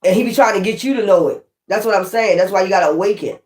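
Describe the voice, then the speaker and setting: A woman gives a casual spiritual tarot reading, swearing often and repeating her points for emphasis in a profane, emphatic way. She talks fast in a medium-pitched, darkish voice, recorded in an echoey room.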